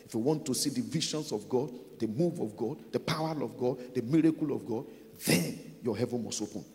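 A man's voice: medium pitch, fairly quick, gravelly. Man, preacher, sermon, emphatic and building, reverberant hall. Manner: preaching, switching between English and Yoruba, building to loud emphatic declarations.

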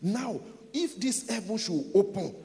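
A man preaching a sermon, building from calm teaching to loud, emphatic declarations. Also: high-pitched, a little slow, gravelly, long reverb tail.

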